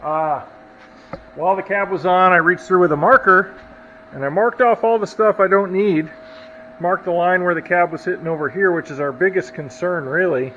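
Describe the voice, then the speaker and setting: A man's voice: high-pitched, normal speed. A man hosting a shop vlog, chatting casually and joking at himself as he works out a build step by step. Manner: chatty, self-deprecating, thinks out loud. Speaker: hot rod builder and channel host. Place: home workshop, hot day. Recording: muffled audio, faint shop noise.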